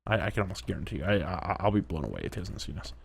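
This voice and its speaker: A man's voice: deep voice, animated, racing, vocal fry, a little hiss or hum. A man narrating his own game play, chatting and reacting aloud, at times dropping to a whisper. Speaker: gaming commentator. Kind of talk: let's play commentary.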